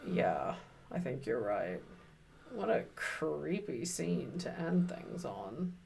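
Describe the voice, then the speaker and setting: A woman's voice: deep voice, sing-song, slow, vocal fry, a little mellow, a little hiss or hum. A woman streamer chatting casually as she plays a horror visual novel, reacting aloud and musing on the story. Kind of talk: casual let's-play chat.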